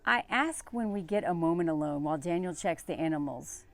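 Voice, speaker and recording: A woman reads an article aloud and reacts to it in a sarcastic, exasperated tone. Her voice is lively and swings up and down in pitch as she talks casually and directly to her viewers. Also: brisk. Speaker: commentator.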